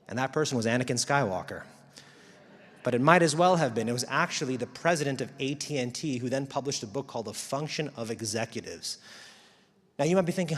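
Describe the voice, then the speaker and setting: A man giving a live talk to an audience, animated, wry and emphatic. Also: medium pitch, brisk. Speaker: speaker. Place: large auditorium. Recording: long hall reverb.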